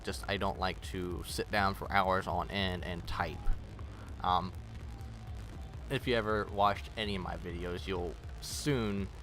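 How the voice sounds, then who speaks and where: A man's voice: deep voice, fairly bright tone, a little hiss or hum. A man rambling casually in a vlog, blunt and swearing freely. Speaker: vlogger.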